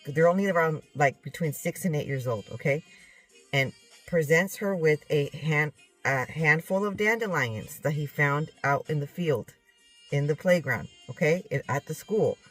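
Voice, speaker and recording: A woman teaching from scripture and retelling a dream in a rambling way, often checking in with "okay?" and correcting herself. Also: sits low. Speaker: Bible teacher.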